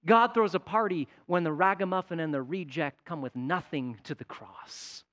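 A man preaching a sermon with a high voice. He delivers it with animated energy and climbs to a shout on his most emphatic points. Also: moderate pace, few pauses. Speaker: pastor.

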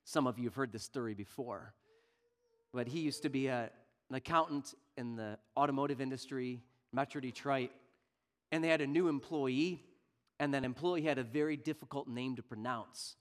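A man preaching a sermon earnestly, dropping to near-quiet and rising loud for emphasis. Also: mid-range voice, normal speed.

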